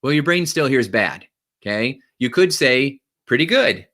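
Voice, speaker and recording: A male motivational speaker with a bright, forceful voice addresses his viewers. His delivery is energetic and emphatic, and he keeps checking in with quick tag questions. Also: medium pitch. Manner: energetic, emphatic, frequent "right?" and "okay?" check-ins.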